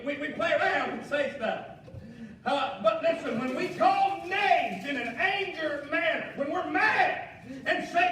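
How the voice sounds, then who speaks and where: A male pastor, preaching a fiery sermon with shouted emphasis and folksy asides. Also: very high voice. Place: church sanctuary. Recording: echoey church hall, mic far off, faint noise.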